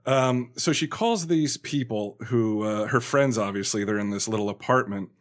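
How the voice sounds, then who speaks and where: A man's voice: on the low side, moderate pace. A man co-hosting a podcast in casual chat, laughing a lot and mocking comic dialogue in put-on voices. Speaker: podcast co-host.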